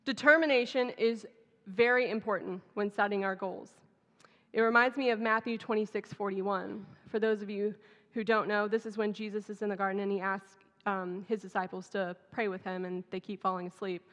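A woman's voice: mid-range voice, steady tone, moderate pace, a bit bright. A woman pastor from Texas, giving a conversational, humorous sermon in a church. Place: church sanctuary. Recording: dull sound, long hall reverb.

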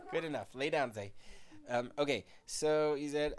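A man making up a bedtime story at home, speaking gently and often dropping to a murmur. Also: mid-range voice, normal speed, smooth. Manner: gentle, drifting into quiet murmurs. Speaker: parent telling a bedtime story.

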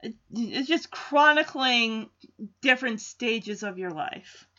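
A woman's voice: a little high, lively intonation, slow, bright, forceful tone, lo-fi sound. A woman casually recapping a sitcom episode, chatty and amused. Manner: chatty, amused, acts out quotes. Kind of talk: casual reaction chat.

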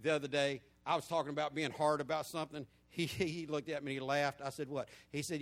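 A man, preaching a sermon in a lively storytelling way that swings between loud and hushed. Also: a little high, quick pace, few pauses. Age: 50s.

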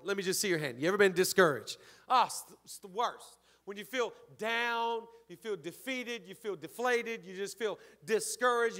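A man, the church's pastor, preaching a lively, joking sermon and calling out to his congregation. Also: high-pitched. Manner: energetic, joking, calls out to the congregation.

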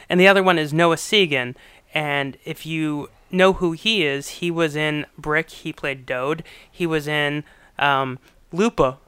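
A man's voice: a little high, sharp tone, smooth, dry recording. A man co-hosting a casual film podcast, enthusiastic and laughing as he talks. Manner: enthusiastic, laughs while talking. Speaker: podcast co-host.

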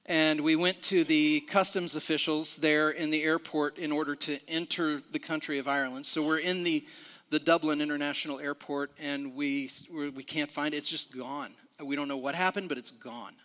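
Middle-aged pastor in a reverberant hall. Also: male voice, fairly high pitch, steady tone, moderate pace, bright, forceful tone. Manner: conversational, repeats words and restarts, asks the room questions. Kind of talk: sermon with a personal story.

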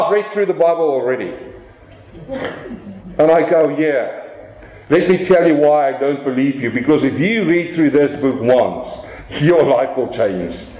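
A pastor delivers his sermon with animated energy, his fairly high voice leaping up and dropping low to stress each point. He slows right down on key phrases. The sound carries a noticeable room echo. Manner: animated preaching with dramatic pitch swings and slow emphatic phrases.

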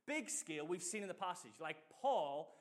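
A middle-aged man preaching a sermon in a lively, chatty way, telling personal stories and leading his audience in call-and-response. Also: high-pitched, moderate pace.

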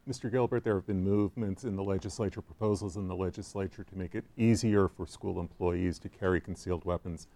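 Deep, brisk male debate moderator. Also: steady tone, dark tone. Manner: brisk, direct questions.

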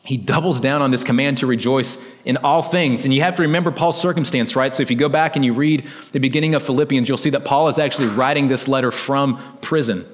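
A man delivers a sermon in a relaxed, conversational way, peppering his points with "like" and "right?" as he talks to the congregation. His voice sits at an ordinary middle pitch and carries a long hall reverb around it. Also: fast talker, hardly any pauses. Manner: conversational preaching with frequent "like" and "right?". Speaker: pastor.

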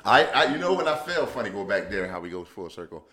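A man co-hosting a casual podcast chat, telling personal stories with halting restarts and frequent laughs. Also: lowish voice, very animated, a crowd in the background. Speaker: podcast co-host.

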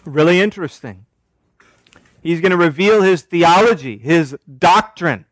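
A man's voice: a little high, expressive, measured pace, dry recording. A man preaching an expository sermon, emphatic, asking rhetorical questions and answering them himself. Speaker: pastor.

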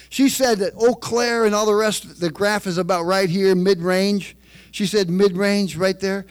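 A man preaching a sermon, moving from chatty storytelling to loud, shouted preaching. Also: sits high.

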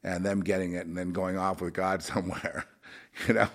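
A man's voice: deep voice, flat delivery, fairly quick. A man talking in an emotional, rambling monologue, full of fillers and restarts, swinging between raised and muttered lines.

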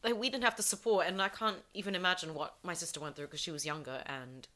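A woman's voice: on the low side, steady tone, fast, sharp tone, slight background noise. A young woman from Fiji, a singer speaking candidly on a podcast, tearful and filling her talk with "like". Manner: candid and emotional, uses many likes. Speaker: guest singer. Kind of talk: podcast interview.

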